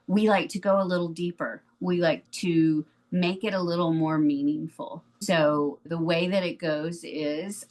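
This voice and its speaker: A woman co-hosting an advice podcast on betrayal recovery, explaining in a gentle, measured way. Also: low voice, fairly even intonation. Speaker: podcast co-host, therapist. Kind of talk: calm advice talk.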